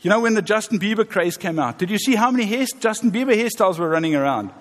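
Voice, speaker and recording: A man's voice: sits high, animated, fast. Fifties man preaching in an echoing church. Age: 50s. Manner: conversational, joking with the congregation. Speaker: pastor. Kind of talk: sermon. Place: church hall. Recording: reverberant church hall.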